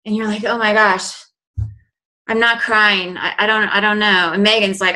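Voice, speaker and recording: Woman in her 40s coaching folks on a call, bright voice, talks earnest and chatty. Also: mid-range voice, level tone, moderate pace, rough recording. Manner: earnest, conversational, lots of "you know". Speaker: business coach.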